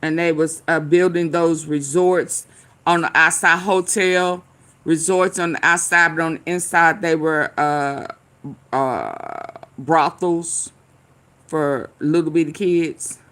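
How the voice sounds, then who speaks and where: This woman runs a commentary channel, talking loosely to her viewers and swearing as she looks for clips to react to. Her low voice carries a fairly bright tone and fairly even intonation, and she takes her time.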